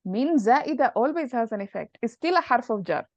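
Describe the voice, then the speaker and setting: A fairly high-voiced woman teaching grammar in a calm, patient way, building each point through examples. The recording is dull and lo-fi with a dry, close sound. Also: normal speed, no echo. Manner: patient, explains step by step with examples. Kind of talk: online class explanation.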